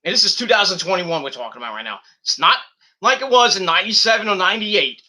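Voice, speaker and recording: Bright, high-voiced man ranting. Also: expressive, fast. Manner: profane, heated ranting. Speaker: wrestling review host. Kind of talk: ranting show review.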